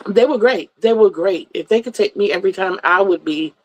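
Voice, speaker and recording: A middle-aged woman in a mid-range voice runs a casual livestream, talking a little fast as she greets viewers and rambles through stories. The recording is rough.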